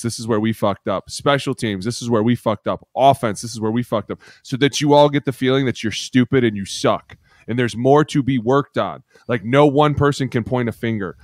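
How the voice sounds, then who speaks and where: A man's voice: medium pitch, no echo. Male podcast co-host, cursing storyteller who acts out the voices, dry close mic. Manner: profane, animated storyteller acting out quotes. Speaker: podcast co-host, former lineman. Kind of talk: casual podcast chat.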